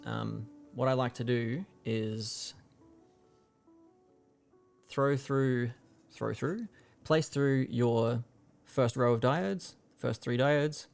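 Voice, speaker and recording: A man's voice: mid-range voice, gravelly, darkish tone. A young man casually explaining a keyboard build on a livestream, rambling with lots of fillers. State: hiccuping.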